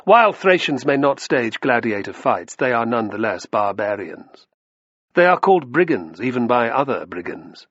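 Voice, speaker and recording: A man voicing a smug, condescending aristocratic Roman politician in an audiobook reading, with a raised, loud, drawling delivery. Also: on the high side, sing-song, moderate pace, slightly rough, no echo, highs cut off, pitched above the performer's own voice, full character voice.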